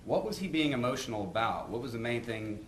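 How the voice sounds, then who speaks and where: A man's voice: mid-range voice, lively intonation, brisk, slight background noise. A man, a prosecutor, questioning a witness in court with methodical, leading questions.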